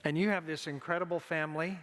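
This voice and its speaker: A man preaching a funeral sermon, slow and deliberate, repeating his key lines. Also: on the high side, steady tone, fairly bright tone. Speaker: pastor. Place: church sanctuary. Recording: long church reverb.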